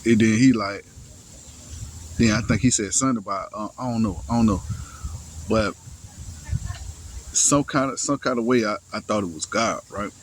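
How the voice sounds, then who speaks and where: A young man telling a personal story in casual first person, halting and slangy, full of restarts, sighs and profanity. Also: fairly low pitch, a little hiss or hum, low-quality recording.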